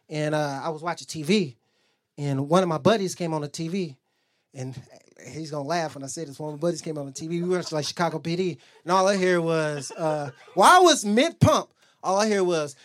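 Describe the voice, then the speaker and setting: A man performing a stand-up set in a comedy club. His voice swoops up and down as he tells loose, profane stories and acts out the people in them. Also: sits high.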